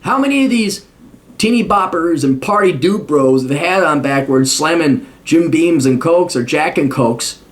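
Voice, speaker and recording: A man's voice: a little high, lively intonation, normal speed. A man in his forties giving a blunt, profane, opinionated casual monologue. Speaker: host.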